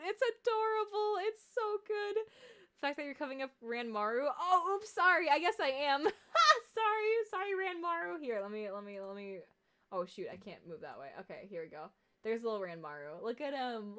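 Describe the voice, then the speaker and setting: A woman streaming a game reaction, gushing excitedly, swearing a lot and squealing at things she loves. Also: sits high, moderate pace. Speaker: streamer hosting a watch party.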